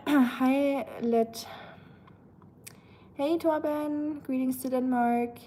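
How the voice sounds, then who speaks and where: A woman's voice: high-pitched, fairly even intonation, drawn-out words, pauses often, dark tone, a little hiss or hum. A young German woman hosting a casual livestream, chatting with viewers and rambling with lots of fillers, sounding tired. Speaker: livestream host. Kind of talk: casual livestream chat reading comments.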